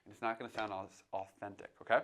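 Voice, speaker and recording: A man teaching jazz drumming, calmly coaching and counting beats aloud between demonstrations. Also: lowish voice, fast. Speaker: drum teacher. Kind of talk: instructional demonstration. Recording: drums playing behind the voice. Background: drum playing between phrases.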